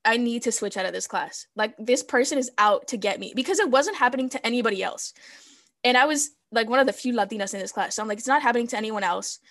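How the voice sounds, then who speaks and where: A woman's voice: fairly high pitch, quick pace. A young woman, a podcast guest, telling a personal story in casual chat and acting out what she said back then. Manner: animated storyteller acting out her own past dialogue.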